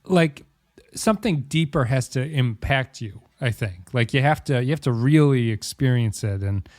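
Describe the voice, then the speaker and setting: Expressive and mid-range with a darkish tone, this male podcast co-host talks at normal speed in a dry studio recording. His casual chatter wanders, full of restarts and quick laughter.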